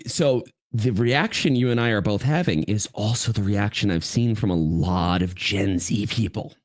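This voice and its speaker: A man's voice: fairly low pitch, dry recording. A man co-hosting a podcast in casual chat, blunt and profane, talking into a headset. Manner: blunt and profane, quick asides. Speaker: podcast co-host.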